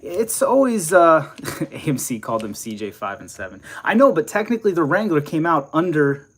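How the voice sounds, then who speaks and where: A man's voice: on the high side, very animated, moderate pace, breathy edge. A young man from New Jersey hosting a casual live stream, rambling and chatting while he reads viewer comments and greets people.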